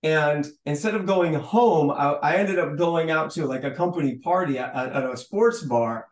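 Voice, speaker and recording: Guest storyteller, male, a touch high-pitched, acts out every exchange, roomy sound. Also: moderate pace. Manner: animated storyteller who acts out dialogue, with stammered restarts. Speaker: podcast guest. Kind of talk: storytelling in a conversational interview. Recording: roomy, echoey room sound.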